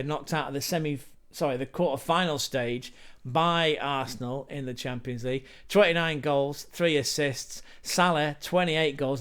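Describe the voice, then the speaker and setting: A man's voice: on the high side, clean tone. A man hosting a football channel, talking through stats in a chatty, rambling way with asides to viewers. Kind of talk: casual football stats commentary.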